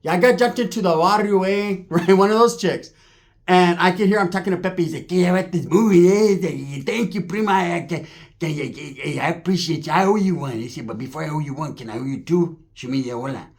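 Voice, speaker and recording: Californian man, fairly high voice, profane slangy storytelling, rambling, acts out quotes. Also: brisk. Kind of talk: casual street storytelling.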